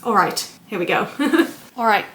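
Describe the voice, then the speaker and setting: A woman's voice: mid-range voice, animated, a little slow, a bit bright, echoey room, slight background noise. A woman chatting casually to camera at home, thinking aloud in a self-deprecating way. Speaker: vlogger.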